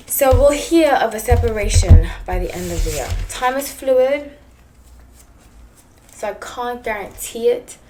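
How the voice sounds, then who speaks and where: This South African English-accented woman has a rather high, expressive voice and a measured pace, with noise in the background. As a tarot reader, she rambles through a casual reading in a chatty way, frequently breaking into laughter.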